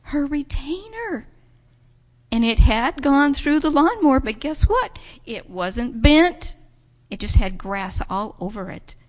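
A woman with a high voice tells a children's story in a church, swinging her pitch up and down as she acts out each part. The sound is dull and carries a long hall reverb. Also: a little slow. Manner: expressive, acts out voices with big pitch jumps. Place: church sanctuary.

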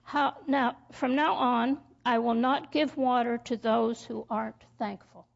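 A woman reading as a stern male waterman who keeps finding fault with everyone, his lines gravelly with fry and delivered slowly. The recording is dull and lo-fi, like a storybook read to children. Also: fairly high pitch, fairly even intonation. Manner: stern, demanding announcements.

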